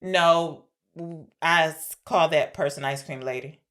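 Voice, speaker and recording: Here a female podcast co-host talks about an old film in a relaxed review chat, laying out the segments and bantering playfully. She speaks low and unhurried, her tone clean and fairly bright.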